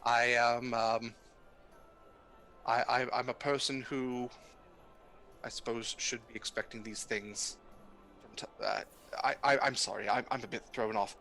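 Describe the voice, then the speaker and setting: A man's voice: medium pitch, measured pace, fairly bright tone, faint music behind. A man voicing a formal, courteous noble patriarch in a tabletop game, polite and stammering when shaken. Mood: rattled. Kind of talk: tabletop game role-play.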